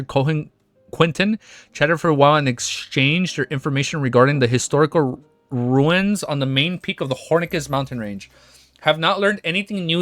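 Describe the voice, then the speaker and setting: A man reading a web novel aloud on stream, breaking off into excited, profane reactions and laughter. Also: a little high, dry recording.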